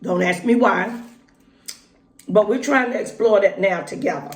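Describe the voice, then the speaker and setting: Woman, middle-aged, slow easy chat while eating, pauses, roomy echo. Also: medium pitch. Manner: chatty, folksy, talks between bites with pauses. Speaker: vlogger. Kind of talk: casual mukbang vlog, talking while eating. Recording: echoey room.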